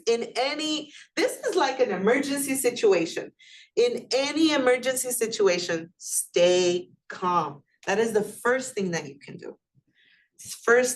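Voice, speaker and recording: Woman lecturing a class conversationally. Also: on the high side. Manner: conversational, poses questions to the class. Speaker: instructor.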